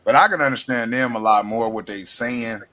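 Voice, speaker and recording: A man's voice: mid-range voice, normal speed, bright, forceful tone, slight background noise. A man hosting a casual chat, easygoing and teasing, often laughing.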